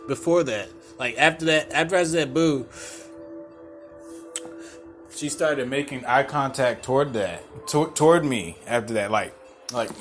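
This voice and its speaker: A young man talks casually on his podcast, winding through a story with restarts and easy laughter. His voice sits at an ordinary middle pitch. Faint music plays quietly behind him. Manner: rambling, laid-back, with restarts and laughs. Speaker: podcast host.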